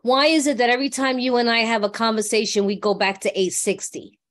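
Middle-aged woman from New York, high voice, heartfelt and conversational recovery share. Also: steady tone, a little fast. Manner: heartfelt, conversational, often asks "you know what I mean". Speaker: workshop speaker.

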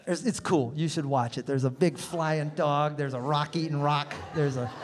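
A man doing a stand-up comedy set, telling stories with acted-out quotes and sudden shouted punchlines. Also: a little high, fairly even intonation, normal speed. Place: comedy club stage. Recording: live in a large reverberant venue.

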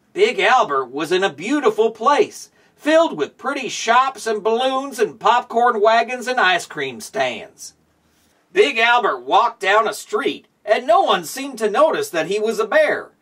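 A man hosting a show and reading a children's storybook aloud in a slow, expressive storytelling way. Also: sits high, recorded from a distance. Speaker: show host.

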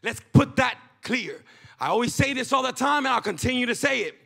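High, gravelly-voiced preaching pastor. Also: male voice, lively intonation, fairly quick. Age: young adult. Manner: preaches with rising shouts and sudden hushed drops. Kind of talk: sermon.

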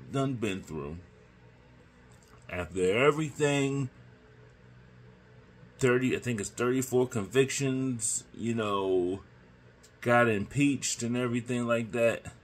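A man hosting his own podcast, giving slow, emphatic political commentary and repeating his points. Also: medium pitch. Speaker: podcast host.

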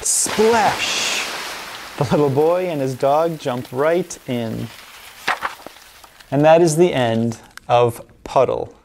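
A woman librarian reading picture books aloud at a family story time, expressive and warm. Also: a bass voice, takes it slowly, a little hiss or hum. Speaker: children's librarian.

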